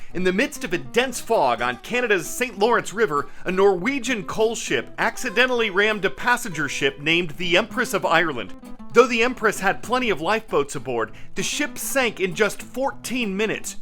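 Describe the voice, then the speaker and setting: A man hosting a news show, reading scripted narration in a crisp, measured delivery. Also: high voice, pushed and bright.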